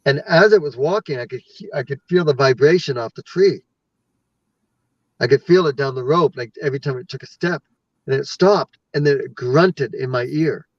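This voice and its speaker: A man from western Canada, a guest telling a lively story and acting out his own reactions. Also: mid-range voice, moderate pace, no room sound. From British Columbia, Canada. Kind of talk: casual storytelling. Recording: dry, muffled, distant from mic.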